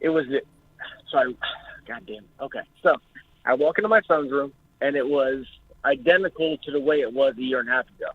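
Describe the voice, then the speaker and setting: A man's voice: medium pitch, fast, a little hiss or hum. Jittery man on a tinny phone line. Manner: jittery, swearing, emotional. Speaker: caller. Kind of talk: recounting an experience on a call-in show.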